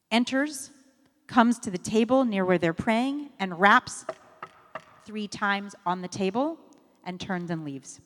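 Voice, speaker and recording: A woman rabbi giving a sermon in a synagogue, telling a story in a conversational way with fillers and self-corrections. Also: mid-range voice. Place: synagogue sanctuary. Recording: long reverb of a sanctuary.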